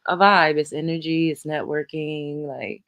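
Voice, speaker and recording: Woman talking low and easy late at night, casual candid chat. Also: steady tone, unhurried, a bit bright. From New York. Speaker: host.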